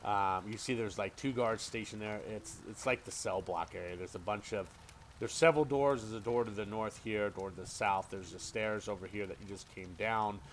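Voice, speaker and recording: A man's voice: fairly low pitch, moderate pace, slight background noise. A man narrating a tabletop game as game master in a casual, hesitant way. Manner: casual, hesitant, many fillers.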